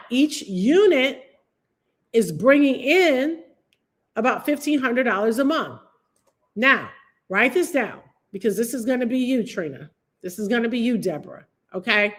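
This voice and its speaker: Woman, fairly high voice, emphatic, repeats key phrases, live-stream coaching talk. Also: a bit bright. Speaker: real estate investing coach.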